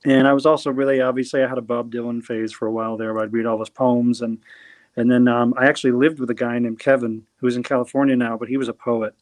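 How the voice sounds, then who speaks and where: A man's voice: mid-range voice, flat delivery, fast, no room sound. Rambling, hesitant male singer-songwriter. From New Jersey. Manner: rambling and hesitant, many fillers and restarts. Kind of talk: casual interview chat.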